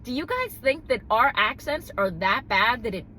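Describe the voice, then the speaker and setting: Chatty New York woman, bright voice. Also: fairly high pitch, normal speed, a little hiss or hum, low-quality recording. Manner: rambling, animated, self-interrupting with laughs. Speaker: podcast host. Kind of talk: casual chat. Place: parked car.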